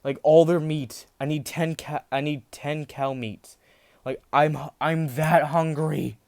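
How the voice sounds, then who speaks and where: A man's voice: on the high side, fairly even intonation, slow, vocal fry, darkish tone, no room sound, studio quality, pitched above the performer's own voice. A man voicing a hungry, stubborn teenage boy hero in a raised, insistent voice. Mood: demanding.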